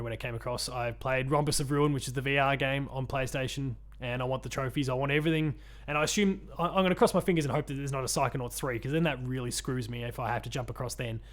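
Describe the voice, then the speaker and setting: A man from Australia co-hosting a casual chat podcast, rambling with many ums and restarts. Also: mid-range voice. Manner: rambling, lots of ums and restarts, laughs often. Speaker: podcast co-host.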